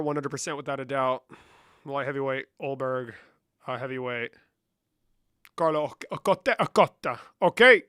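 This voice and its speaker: A man's voice: fairly high pitch, a bit bright, clean tone, no echo, clean studio sound. A young man chatting on a live stream, bantering with viewers in a profane, joking way and slipping between English and Spanish. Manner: profane, bantering, answers chat questions aloud. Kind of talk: casual live-stream chat.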